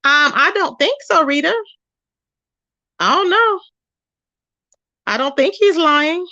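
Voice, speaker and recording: A woman with a high, bright voice that has some edge to it, running a casual gossip livestream. She talks in a chatty, sassy way and greets viewers in the chat by name. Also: expressive, slow, muffled recording. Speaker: livestream host.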